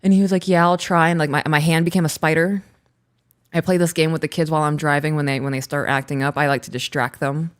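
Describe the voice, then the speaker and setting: Animated woman telling a story. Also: sits low, fast talker. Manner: animated, laughs while telling stories. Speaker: podcast co-host. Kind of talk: casual storytelling chat.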